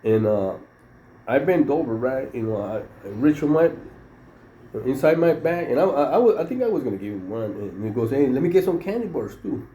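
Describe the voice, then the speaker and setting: Guy, middle-aged, dark mellow voice, rambling prison stories w lots of "you know man", faint hum behind. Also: mid-range voice, big pitch swings, moderate pace. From Mexico. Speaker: former prison inmate. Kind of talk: casual storytelling. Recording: roomy echo with faint background noise.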